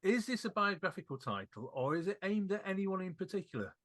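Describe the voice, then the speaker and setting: A man's voice: sits high, very animated, fairly quick, a bit bright. A man hosting a music podcast, asking chatty, thoughtful questions. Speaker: podcast host. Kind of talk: interview questions.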